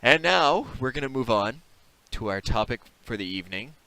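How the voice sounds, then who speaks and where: A man's voice: medium pitch, expressive, moderate pace, sharp tone, dry recording, poor audio. A man co-hosting a podcast, chatting casually and introducing topics in an easygoing, lightly humorous way. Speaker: podcast co-host.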